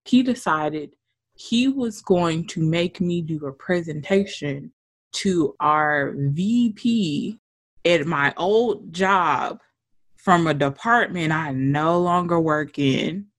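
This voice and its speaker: A woman co-hosting a casual chat, telling a work story with animated delivery, swearing and acting out quotes. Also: deep voice, slow.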